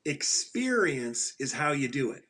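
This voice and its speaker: A middle-aged financial advisor, appearing as a guest on a podcast interview, tells animated stories in a mid-range, sing-song voice. His delivery is unhurried and fairly bright with a slightly rough edge. He leans on emphasis, repeats his punchlines, and laughs at his own jokes.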